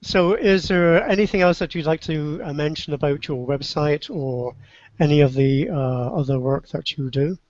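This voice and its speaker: A show host wrapping up an interview, relaxed and a little hesitant, with ums. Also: medium pitch, normal speed, no echo. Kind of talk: interview hosting. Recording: dry, muffled lo-fi audio.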